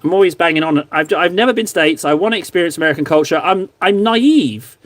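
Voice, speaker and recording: A man's voice: a little high, rapid-fire, a bit bright, dry recording. Rambling, joking Englishman on a livestream. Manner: rambling, self-deprecating, joking. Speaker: livestream host painting miniatures. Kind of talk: casual livestream chat.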